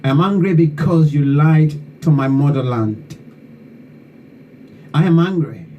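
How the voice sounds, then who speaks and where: A man's voice: fairly high pitch, unhurried, highs cut off. A man from Liberia, hosting an online talk show and delivering fervent, repetitive political commentary that scolds his listeners. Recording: distant mic with faint background noise.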